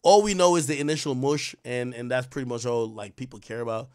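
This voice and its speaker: A man's voice: mid-range voice, fairly quick, a little mellow. A man hosting a live stream, giving casual, rambling commentary full of profanity and trash talk. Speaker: livestream host.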